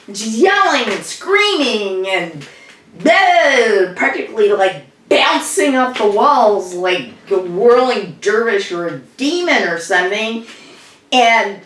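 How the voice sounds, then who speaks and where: A woman's voice: a little high, lively intonation, slow, fairly bright tone, slight background noise. An actress improvising a woman social worker who recounts a family row in a rambling, conversational monologue. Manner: rambling, conversational storytelling with fillers. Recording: echoey room, distant mic.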